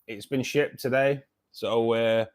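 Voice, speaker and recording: A man's voice: mid-range voice, fairly even intonation, takes it slowly. A man hosting a casual livestream, chatting with viewers in a friendly, hesitant way, full of ums and calling people mate and buddy. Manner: hesitant, many ums and restarts. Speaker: aquarium channel host.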